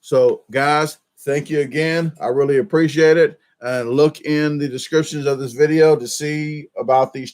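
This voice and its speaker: A middle-aged man chatting loosely to his viewers in a casual livestream. He rambles, corrects himself mid-sentence and keeps a friendly, unscripted flow. His voice sits a touch higher than most men's. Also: steady tone, moderate pace, few pauses, darkish tone. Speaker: channel host.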